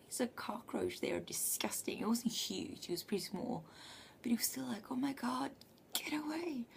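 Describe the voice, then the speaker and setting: A young woman telling a story late at night from her bedroom, speaking in a hushed half-whisper and swearing freely. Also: fairly low pitch, creaky. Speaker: vlogger living abroad.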